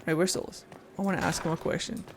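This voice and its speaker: Excitable Irish woman gaming streamer. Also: lowish voice, quick pace, slight background noise. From Ireland. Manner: chatty, excitable, swears, jokey. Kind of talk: let's-play commentary.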